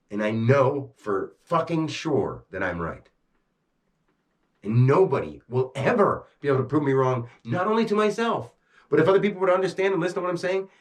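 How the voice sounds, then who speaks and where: A man talking intensely to a camera, amped up and agitated, swearing and swinging between rushed bursts and slow, heavy emphasis. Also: on the high side. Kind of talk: rambling talk to camera.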